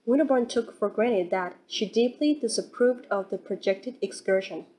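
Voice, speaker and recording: A woman reading a classic novel aloud as narrator, in a steady, even storytelling manner. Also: fairly high pitch, moderate pace, low-quality recording. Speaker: audiobook narrator.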